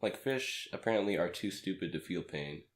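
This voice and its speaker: A man slightly raspy from a cold, rambling through a casual podcast chat as co-host and laughing at his own jokes. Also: low voice, expressive, moderate pace. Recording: echoey room.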